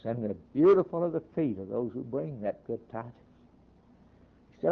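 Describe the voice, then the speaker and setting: A man's voice: mid-range voice, lively intonation, normal speed, vocal fry, husky. Man preaching a sermon, lo-fi. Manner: reads scripture aloud, then preaches in short emphatic phrases. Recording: dull lo-fi recording.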